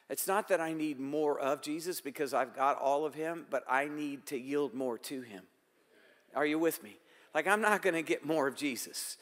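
Older pastor preaching in a reverberant church. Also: male voice, a little high, fairly bright tone. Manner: preaching with rhetorical questions, quoting prayers aloud. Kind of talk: sermon. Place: church sanctuary. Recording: long hall reverb.

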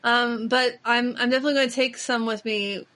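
A woman's voice: a little high, fairly even intonation, brisk, pushed and bright. A woman hosting a podcast, chatting casually and enthusiastically, with lots of filler words. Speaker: podcast host. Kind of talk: casual chat.

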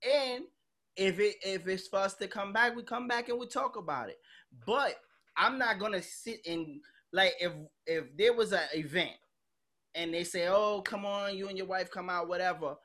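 A woman's voice: mid-range voice, normal speed, fairly bright tone. A woman hosting a podcast, chatting casually in a blunt, emphatic way and swearing freely. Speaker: podcast host. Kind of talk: casual chat.

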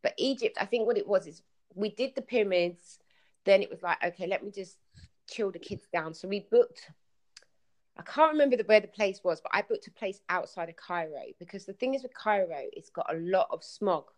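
Brief: woman, storytelling guest on a call-in podcast, animated, plays out dialogue. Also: medium pitch, fairly quick. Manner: animated storyteller, acts out quotes. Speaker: guest telling travel stories. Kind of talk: casual podcast chat.

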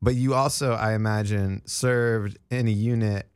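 A man hosting an interview who asks unhurried questions and answers with short backchannels. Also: lowish voice, steady tone, smooth, no room sound, clean studio sound. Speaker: interview host. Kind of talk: casual interview.

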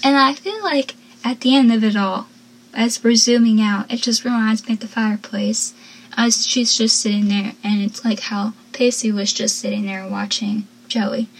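Brief: tired young woman, husky and slightly high voice, casual rambling show recap. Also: steady tone, normal speed, poor audio. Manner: chatty, rambling, with frequent laughs. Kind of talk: casual episode commentary.

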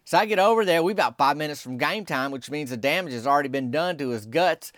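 A man, telling a folksy comic story in a drawling, deadpan small-town voice. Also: a little high, fast, dry recording, studio quality. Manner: drawling Southern-style rural dialect, deadpan storytelling. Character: small-town softball player telling his tale.

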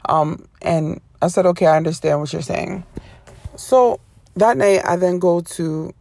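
A woman casually retelling a personal story to her viewers, rambling and animated with frequent self-corrections. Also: lowish voice, measured pace, vocal fry.

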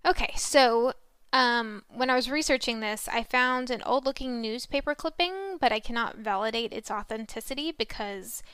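Chatty podcast woman, slightly high voice with a dry close mic, giggly asides. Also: normal speed, fairly bright tone, clear, resonant tone, no room sound. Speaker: podcast co-host. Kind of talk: casual chat, telling a legend.

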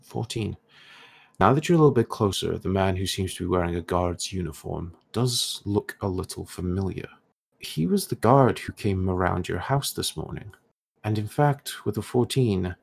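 A man narrating as game master of a tabletop role-playing game in a casual, relaxed way. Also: fairly low pitch, vocal fry, breathy edge.

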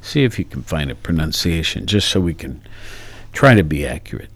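A man's voice: rumbling low, sing-song, dry recording. A man co-hosting a casual radio show, reading date facts aloud and thinking aloud as he goes. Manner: unhurried, thinks aloud with ums and let's-sees. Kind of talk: casual radio chat, reading on-this-day items.

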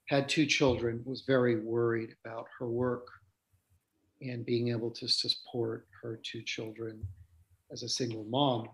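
A man who teaches yoga, recalling his spiritual teachers and telling stories in an unhurried, reflective way with pauses to gather his thoughts. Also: mid-range voice.

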